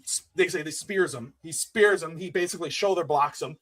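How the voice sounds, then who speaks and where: A middle-aged man co-hosting a wrestling podcast, excitable and swearing, laughing often as he acts out the moments. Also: on the high side, a little fast. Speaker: podcast co-host. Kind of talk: casual wrestling podcast chat.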